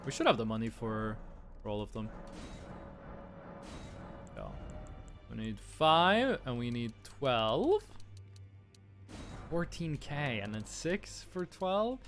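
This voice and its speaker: A man's voice: medium pitch, very animated, slow pace, pauses often, soft background music. A man from Estonia, streaming a game and playfully musing aloud over how words are pronounced. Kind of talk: casual live-stream gaming commentary.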